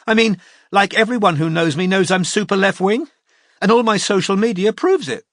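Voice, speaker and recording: A man's voice: high voice, animated, normal speed, a bit bright, no room sound, clean studio sound, voice pushed up. A man doing a tearful, pleading young woman. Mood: defiant. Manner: pleading, sobbing, stammering.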